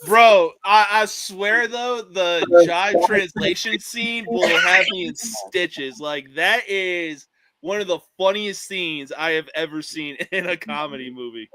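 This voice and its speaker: A man's voice: high-pitched, slow pace, bright, forceful tone. A young man chatting on a casual podcast, enthusiastic and laughing.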